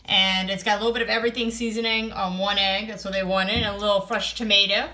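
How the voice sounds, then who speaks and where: Here is a woman filming her own home cooking vlog. Her voice is bright and clear, and she rambles in a relaxed way with plenty of "um" and "so". She sounds chatty and easygoing throughout. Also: medium pitch, fast. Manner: chatty, easygoing, lots of fillers. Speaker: family vlogger. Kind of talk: casual cooking vlog chat. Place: home, partly outdoors.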